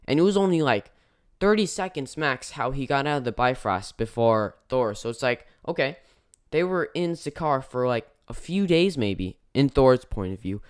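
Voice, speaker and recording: Male reviewer, casual and rambling, smooth clear voice, dry close recording. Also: medium pitch, dry recording. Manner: rambling, self-correcting, lots of fillers. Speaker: movie reviewer. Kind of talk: casual spoken movie review.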